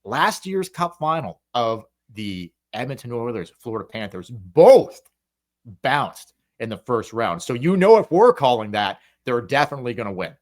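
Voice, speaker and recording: A man co-hosting a sports podcast, talking in an animated, laughing way. His voice sits at an ordinary middle pitch. He keeps it casual and conversational throughout. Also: a little slow. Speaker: podcast co-host.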